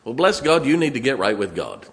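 A man preaching a sermon in a church, emphatic, swinging from loud to hushed. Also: medium pitch, big pitch swings, fairly quick.

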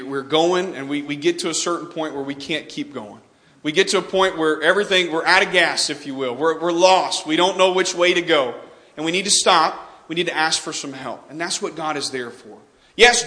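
A man's voice: sits high, sharp tone. A young man from Texas preaching a sermon, telling a story with frequent restarts and repeated words.

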